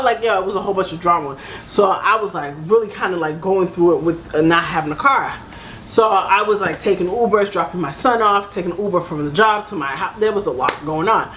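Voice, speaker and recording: A young woman vlogger telling a casual storytime, animated, swearing freely and acting out both sides of an argument. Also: mid-range voice, slight background noise. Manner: animated, swears freely, keeps saying "baby" and "right?", acts out both sides of a fight.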